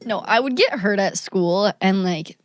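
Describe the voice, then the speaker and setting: A woman's voice: mid-range voice, a little slow, dry recording, studio quality. A young woman co-hosting a casual podcast chat, talking loosely with lots of "like" and a bit of swearing. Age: young adult. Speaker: podcast co-host, daughter.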